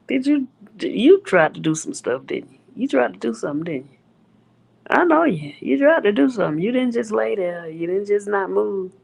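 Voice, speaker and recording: A woman's voice: mid-range voice, gravelly, darkish tone, slight background noise, rough recording. A woman hosting a casual livestream, greeting viewers by name in a playful drawl. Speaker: livestream host.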